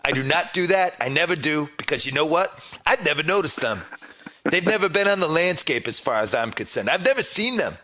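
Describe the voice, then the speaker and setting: A man's voice: fairly high pitch, animated, brisk, pitched above the performer's own voice. A man doing a bombastic, boastful radio blowhard. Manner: bombastic, boastful, rising shouty delivery. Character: boastful, self-important male sports radio host.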